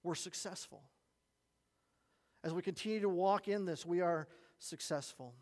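High-voiced preacher in an echoing church. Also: male voice, measured pace. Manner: earnest preaching, animated storytelling. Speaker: pastor. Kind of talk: sermon. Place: church sanctuary. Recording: long reverb of a church hall.

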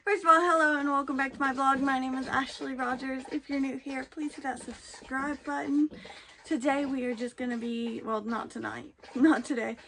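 A woman's voice: sits high, fairly even intonation, normal speed, sharp tone, a little hiss or hum. A tired young woman, chatting casually and rambling in a home vlog from her camper. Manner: chatty, rambling, says "y'all" and "freaking". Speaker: vlogger.

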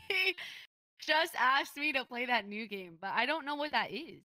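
A woman's voice: high voice, sharp tone, no room sound. A woman chatting casually with friends, easygoing and a little unsure. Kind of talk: casual chat on a voice call.

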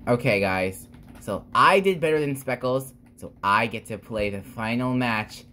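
A woman hosting gameplay commentary, excitable, with sudden squeals and exclamations. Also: very deep voice, moderate pace. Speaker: gamer, channel host.

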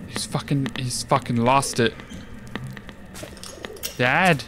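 A man giving casual, profane, excitable commentary while playing a video game. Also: mid-range voice, takes it slowly, background noise. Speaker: let's play gamer. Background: game music.

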